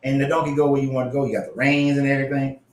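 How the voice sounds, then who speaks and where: A man hosting a casual commentary show, reading scripture aloud and reacting in an animated, profane way. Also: medium pitch, rapid-fire, roomy sound. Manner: animated, profane, frequently laughing. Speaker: host.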